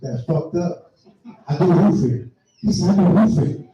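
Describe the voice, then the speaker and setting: A middle-aged man doing a profane, animated stand-up comedy set at a live venue. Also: high voice, measured pace, lo-fi sound, noisy background. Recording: very echoey live room, mic far off.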